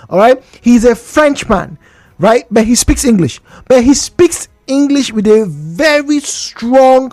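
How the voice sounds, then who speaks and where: On a call-in radio talk show, a Nigerian host chats with listeners in a lively, expressive voice that rises and falls and sits high. He keeps posing rhetorical questions and laughs between his points. The close studio mic sounds dry, with no room sound.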